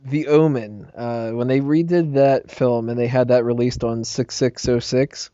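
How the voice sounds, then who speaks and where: A young man hosting a podcast roundtable, telling a story in an animated, laughing way and swearing freely. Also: mid-range voice, a little slow, smooth, dry recording. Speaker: podcast host. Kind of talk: casual roundtable chat. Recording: slightly muffled podcast audio.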